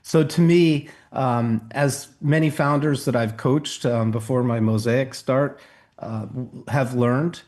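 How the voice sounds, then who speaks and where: A man, a founder and coach guest on a radio show, explaining his point in an earnest, measured way. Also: mid-range voice, a little mellow. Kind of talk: interview talk.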